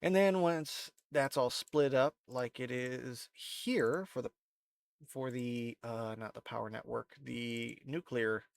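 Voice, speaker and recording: A man's voice: mid-range voice, takes it slowly, gravelly, smooth, no echo. A man with a nasal, congested voice from allergies, giving a casual, rambling tutorial into a desk microphone at home and often correcting himself. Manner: rambling, relaxed, self-correcting. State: stuffy with allergies, sniffling and coughing. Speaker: video creator. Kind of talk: casual screen-recorded tutorial.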